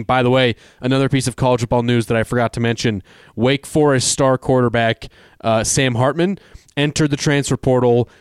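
A man's voice: mid-range voice, clear, resonant tone, dry recording, studio quality. A man co-hosting a sports betting show, talking through his picks casually with lots of fillers and hedges. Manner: hedging, conversational with many fillers.

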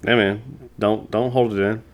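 A man chatting on a casual podcast, dropping deadpan jokes. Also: lowish voice, a little slow, slight background noise. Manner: deadpan joker.

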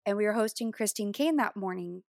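A woman's voice: mid-range voice, brisk, vocal fry, no echo, clean studio sound. A woman in her thirties, a worship leader, telling a personal testimony in an interview, earnestly acting out remembered dialogue.

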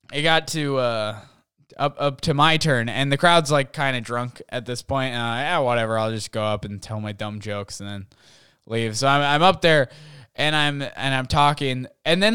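Rambling young-sounding stand-up comic, very clear. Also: male voice, on the high side, sharp tone, dry recording, studio quality. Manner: rambling, heavy use of "like". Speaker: stand-up comedian. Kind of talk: casual storytelling. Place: his bedroom.

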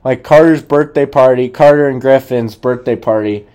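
Young man, podcast co-host, casual chat, halting, filler-heavy, low-key, mid-pitched. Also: dark tone, clear, resonant tone.

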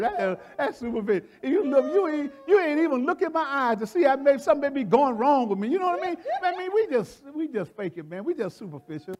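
High-voiced excitable preacher man. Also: fast talker, few pauses. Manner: folksy, excitable, laughs often, repeats phrases. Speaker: preacher leading a Bible study. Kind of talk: animated sermon teaching.

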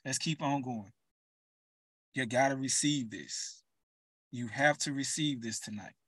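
A man's voice: medium pitch, unhurried, a bit bright, husky, dry recording, far from the mic. Fervent preacher man, set back from mic. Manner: emphatic, urgent, addresses listeners directly. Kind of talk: sermon.

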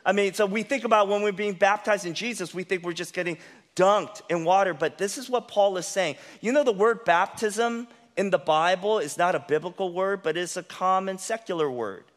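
High-voiced man preaching in a reverberant hall. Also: moderate pace. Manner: preaches with rising rhetorical questions and emphasis. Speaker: pastor. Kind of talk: sermon. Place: church sanctuary.

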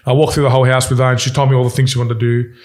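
A man's voice: mid-range voice, rapid-fire. Rambling man in an echoey room. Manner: rambling, restarts often, animated retelling. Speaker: company co-founder, guest. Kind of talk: casual storytelling interview.

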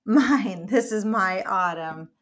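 A woman reading a picture book aloud to her small child in a gentle, encouraging way. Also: medium pitch, slow pace. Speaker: mother reading to her toddler.

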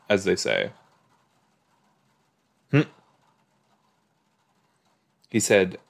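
A man's voice: low-pitched, big pitch swings, takes it slowly, gravelly, long pauses. A man hosting a podcast, reacting aloud with gushing exclamations and laughs while watching a TV episode. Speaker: podcast host.

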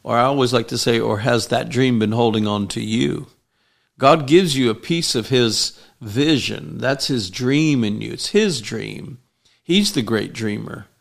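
A man preaching a sermon, rising loud and emphatic on key lines. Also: mid-range voice, a little slow, creaky.

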